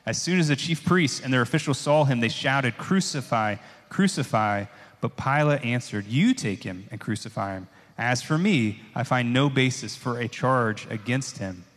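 A man's voice: mid-range voice, fairly bright tone. A man preaching a sermon in a loose, conversational way, often adding "like" and "right?" as he reads and explains scripture. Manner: casual, conversational, many filler "like"s and "right?"s. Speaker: pastor. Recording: long hall reverb.

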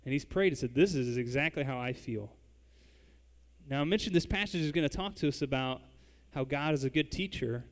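A man's voice: medium pitch, brisk, in a large hall. A man preaching a sermon, speaking conversationally and addressing the congregation directly. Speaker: pastor.

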